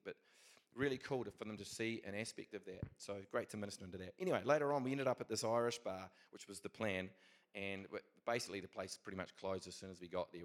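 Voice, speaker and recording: A middle-aged man with a New Zealand accent telling a faith story in a casual, rambling, earnest way, with many restarts. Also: fairly low pitch. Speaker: Christian speaker telling a testimony.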